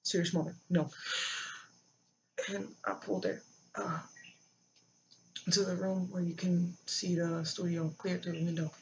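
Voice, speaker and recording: Halting vlogger telling a hard story. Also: mid-range voice, flat delivery. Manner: halting, many fillers and restarts. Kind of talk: personal storytelling. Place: near a road with passing cars. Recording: dull lo-fi with faint traffic noise.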